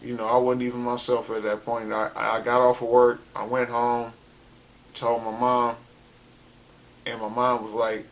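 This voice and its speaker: A man's voice: medium pitch, little pitch movement, measured pace, long pauses, slight background noise. A man from South Carolina, telling his life story in a loose, conversational way with lots of "you know" and "like". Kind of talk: casual spoken storytelling.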